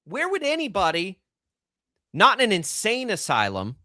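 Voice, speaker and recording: A man's voice: high-pitched, huge pitch swings, moderate pace, bright, forceful tone, no room sound, clean studio sound. A middle-aged man hosting a sports radio show, ranting incredulously in casual banter.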